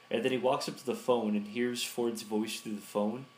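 A mid-pitched man recaps movie scenes in relaxed podcast chat. He stammers now and then and slips in quick quotes. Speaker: podcast co-host. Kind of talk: casual movie-review chat.

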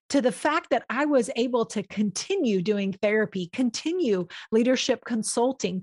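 A woman's voice: fairly high pitch, darkish tone. A woman hosting a podcast, giving an earnest, heartfelt, faith-based reflection in a conversational way. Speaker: podcast host.

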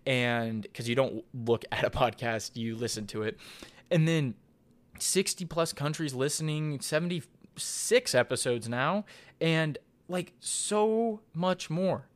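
A man's voice: a little high, slow pace. A young man in his twenties hosting his own podcast, talking in a casual, earnest monologue that rambles and restarts. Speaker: podcast host.

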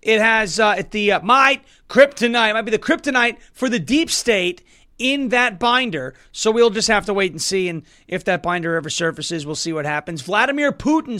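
A man's voice: high voice, animated, normal speed, pushed and bright. A male host of a political commentary show, talking in a sarcastic, joking way.

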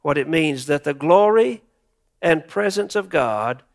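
A man putting on the voice of an eager male disciple who always has something to say, earnest and excited. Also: on the high side, measured pace, creaky.

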